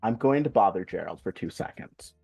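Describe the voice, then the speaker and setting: A man's voice: on the low side, expressive, brisk, creaky, a little mellow, breathy edge, dry recording, soft background music. A man playing in a tabletop game, chatting casually and joking about coffee. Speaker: player. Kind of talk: casual chat.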